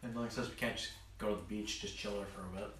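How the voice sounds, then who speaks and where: A young man appears as a guest in a casual chat, recounting his story as lists peppered with fillers. His voice is fairly low and fairly even, delivered at a quick pace. The mic is distant and the room roomy, with clear background noise.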